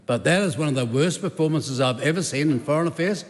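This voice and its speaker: Fast and a little high, with lively intonation, this New Zealand minister trades sarcastic jabs in a parliamentary debate. The big debating chamber gives the recording an echo.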